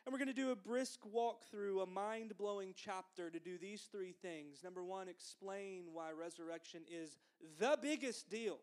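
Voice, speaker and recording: A man with a fairly high voice preaches a sermon. He talks to the room in a loose, conversational way, then leans hard on key points, dropping the odd dry aside. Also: moderate pace, hardly any pauses, clear, resonant tone.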